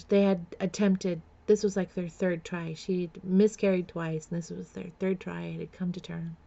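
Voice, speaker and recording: A woman telling a personal story on a vlog in a halting way, with many fillers and restarts, sometimes close to tears. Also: lowish voice, vocal fry, warm tone, husky, highs cut off. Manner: emotional, close to tears at times. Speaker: vlogger.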